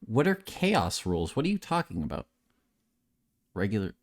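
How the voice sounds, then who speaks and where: A man's voice: fairly low pitch, sing-song, normal speed. A young adult man hosting a late-night chat stream, rambling and joking as he reads out chat messages and answers them.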